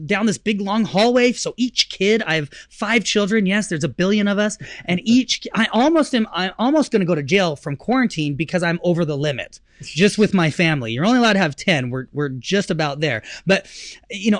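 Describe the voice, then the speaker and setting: A man in his thirties tells a story on a business talk show in an animated, chatty way. His pitch swings widely as he acts out the people he quotes. The sound is dry and close, with no room around it. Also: no room sound. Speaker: podcast host. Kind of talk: casual storytelling chat.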